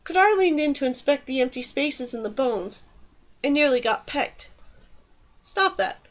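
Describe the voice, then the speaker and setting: A woman narrating a fantasy audiobook in a steady storytelling manner. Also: high-pitched, normal speed. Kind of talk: scripted narration.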